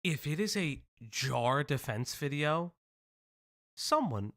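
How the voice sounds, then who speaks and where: A stream host giving crude, joking reaction commentary with loud outbursts. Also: mid-range voice, big pitch swings, takes it slowly.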